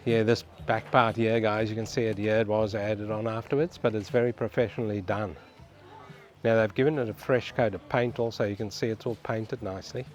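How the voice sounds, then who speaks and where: A man's voice: on the low side, fairly even intonation, brisk, a little mellow. A man vlogging a house tour, chatting casually to viewers he calls guys as he walks through rooms and the yard. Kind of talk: casual walkthrough commentary. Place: outdoors and indoors at a suburban house.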